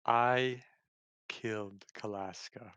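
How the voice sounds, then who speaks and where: A man playing a male knight who threatens calmly and slowly. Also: on the low side, smooth, no echo, dull audio. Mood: menacing. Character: menacing male knight, champion of a queen.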